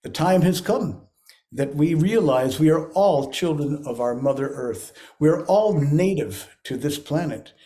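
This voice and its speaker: This man hosts a spiritual talk and speaks slowly, lingering over each phrase. His voice is mellow and dark in tone, and sits a bit higher than most men's. His delivery is solemn and measured. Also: expressive. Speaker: host. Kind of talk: spiritual podcast hosting.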